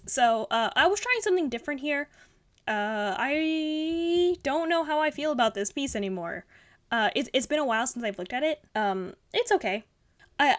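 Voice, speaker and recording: Young female art vlogger, bubbly and rambling, slightly high voice, casual critique delivery. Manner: bubbly, gushing, rambling with fillers. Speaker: art channel host.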